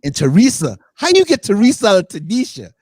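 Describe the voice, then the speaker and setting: High-voiced guy hosting a talk panel, bouncy delivery, dry sound. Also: quick pace, breathy edge, no room sound. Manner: animated, laughing, repeats phrases for effect. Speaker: talk show host. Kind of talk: casual panel chat.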